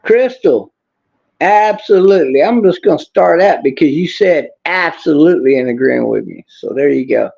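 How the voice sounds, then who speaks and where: Blunt streamer, fairly high gravelly voice, reads chat and rants, dull lo-fi audio. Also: male voice, animated, normal speed, a little mellow. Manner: blunt, angry, swears, talks back to chat. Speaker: livestream host reading chat. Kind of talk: casual political livestream rant.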